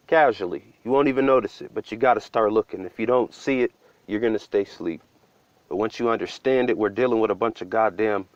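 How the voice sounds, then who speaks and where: Low male voice, conspiratorial profane ranter, close dry dull-sounding mic. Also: no echo. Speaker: video commentator. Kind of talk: conspiracy-style breakdown commentary.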